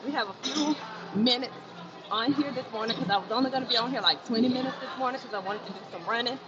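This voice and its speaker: Woman chatting on a gym livestream, kinda high voice, repeats lines, muffled sound w/ gym noise all around. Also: fast talker. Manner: chatty, repeats phrases for emphasis. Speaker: fitness livestreamer. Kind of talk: casual livestream chat. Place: indoor gym. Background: gym ambience.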